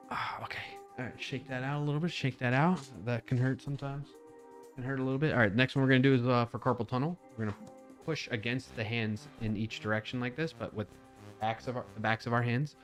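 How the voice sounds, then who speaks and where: A man hosting a live stream in a casual, upbeat chat, a little low on energy, leading viewers through stretches. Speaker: livestream host.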